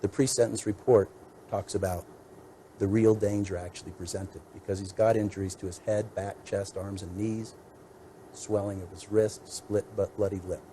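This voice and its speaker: A man as defense attorney giving a measured, methodical courtroom mitigation argument, laying out point after point. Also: on the low side, level tone, mellow, slight background noise, rough recording.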